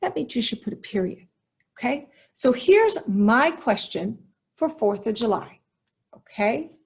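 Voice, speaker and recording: A woman teacher giving an upbeat writing lesson to young students, explaining slowly and stressing key words. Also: a little high, big pitch swings, creaky, a little mellow, husky.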